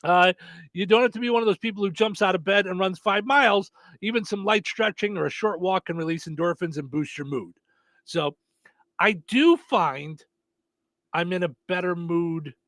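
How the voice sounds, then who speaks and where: A man's voice: high voice, moderate pace, a bit bright, no room sound. A man hosting a morning radio show, chatting casually with lots of fillers and restarts. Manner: rambling, many fillers and restarts.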